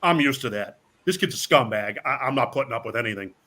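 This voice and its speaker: A man, a wrestler guest, telling stories in a casual chat, animated and swearing freely while acting out what people said. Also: mid-range voice, fast. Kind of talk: casual storytelling.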